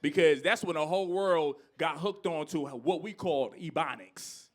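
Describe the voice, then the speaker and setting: A man in his thirties does stand-up on a club stage at a normal pace. His rant alternates between loud outbursts and hushed side comments.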